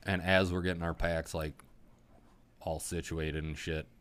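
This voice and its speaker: A man casually telling a hunting story on a podcast, swearing freely and talking with lively energy. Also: deep voice, a little slow, slight background noise.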